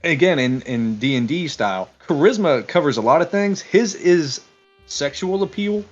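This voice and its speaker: A man's voice: on the high side, lively intonation, moderate pace, dull audio, soft background music. Casual, laughing man on a podcast. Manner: profane, laughs often. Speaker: podcast co-host. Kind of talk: casual chat about a film over beer.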